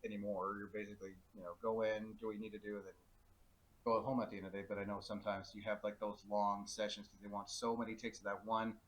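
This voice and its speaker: Fast-talking interviewer man. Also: lowish voice, flat delivery, a little hiss or hum. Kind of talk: convention interview.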